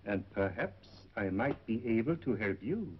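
A smooth, ingratiating middle-aged shop owner, his pitch rising and falling widely as he coaxes. He fawns with oily charm in the style of 1930s film acting. The sound is a dull 1930s film soundtrack with faint background noise. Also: big pitch swings, moderate pace. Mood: coaxing.

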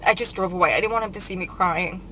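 A woman's voice: on the low side, fast talker, sharp tone, a little hiss or hum, poor audio. A woman vlogger telling a painful story in a casual confessional vlog, upset and rambling with many filler words.

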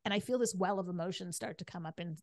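A woman's voice: lowish voice, quick pace, no echo. Middle-aged female podcast guest; candid, chatty storyteller; dry, close mic. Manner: chatty, frequent "right?" and "like".

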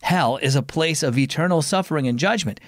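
A man's voice: a little high, fairly quick, no echo, studio quality. A man hosting a children's devotional program, narrating scripted stories in an upbeat, friendly way. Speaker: host.

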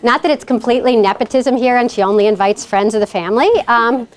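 A woman with a New York accent giving a humorous lecture as a guest speaker in a college lecture hall, telling stories as an animated, joking storyteller. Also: a little high, fast talker.

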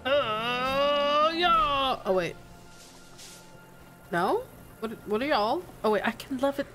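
A young woman playing a video game and chatting casually as she goes, excitable and giggly. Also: high-pitched, slow pace, faint music behind. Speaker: gaming streamer. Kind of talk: casual let's-play commentary.

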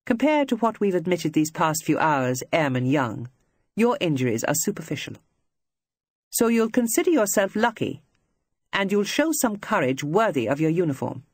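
A reader voicing a stern senior female ward sister with quiet, cold and disdainful authority. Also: mid-range voice, big pitch swings, normal speed, no room sound, studio quality.

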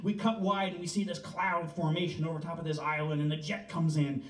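A man from Canada, a film director, pitching a story to an audience in a loose, joking, casually swearing way. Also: little pitch movement, a little fast, hardly any pauses. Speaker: film director giving a talk. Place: presentation room. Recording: roomy, from far off, faint rumble.

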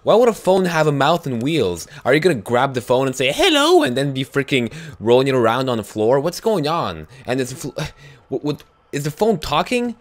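A young man talks through a horror game in a lively voice that jumps around a great deal. He mutters under his breath, then breaks into startled yelps. It sounds like casual let's play commentary into a desk mic. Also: mid-range voice, moderate pace. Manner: jittery, swings from hushed muttering to yelps. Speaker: gaming YouTuber.

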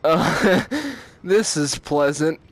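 A man's voice: fairly high pitch, drawn-out words, a little hiss or hum. A man hosting a gaming channel, giving let's-play commentary while nervous, jumpy and laughing often.

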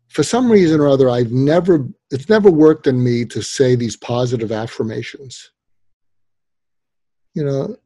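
A man's voice: mid-range voice, husky, dry recording. A man being interviewed as a psychologist and author, explaining advice emphatically and lacing his talk with "you know". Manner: emphatic, animated, many "you know" fillers.

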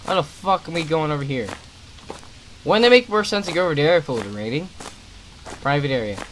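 A young man talks over a horror game he is playing, pitched a little high for a man. He grumbles, curses and makes sarcastic jokes as he goes. Faint background noise sits under his voice. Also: animated, brisk, rough recording. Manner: swearing, irritated, sarcastic asides. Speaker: gaming commentator. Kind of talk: let's play commentary.

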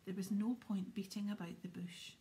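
Woman narrator, whispered reading, mellow dark tone, faint hiss. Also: medium pitch, normal speed. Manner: soft, steady whisper. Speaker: audiobook narrator.

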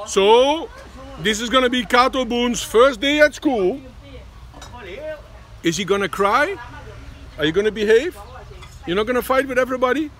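A man's voice: very high voice, a bit bright. A man with a Dutch accent, a vlogger father chatting casually and teasingly, often tagging his lines with "eh?". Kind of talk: casual family vlog chat. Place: outdoors at a busy school.

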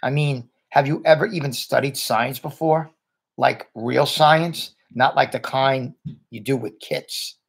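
A man's voice: medium pitch, a little slow, vocal fry, husky. A man voicing a sarcastic young schoolboy who taunts and mocks in a raised, pointed voice. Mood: prying. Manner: taunting, mocking. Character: snide sarcastic schoolboy, about ten.

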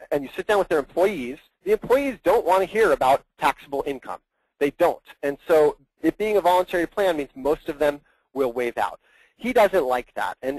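A man's voice: a little high, no room sound, low-quality recording. A man acting as plan administrator guest on a training call, explaining earnestly and at length, often repeating his words.

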